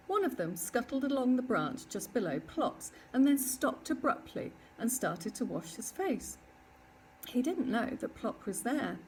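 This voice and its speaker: A woman narrating a children's storybook in an expressive, animated reading. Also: medium pitch, slight background noise. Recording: distant mic with faint ambience.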